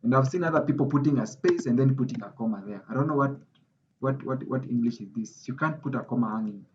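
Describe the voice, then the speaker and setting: A man's voice: medium pitch, quick pace, a little hiss or hum. A man teaching an online class, emphatic and repeating his points for stress, heard over a video call. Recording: slightly dull video call audio.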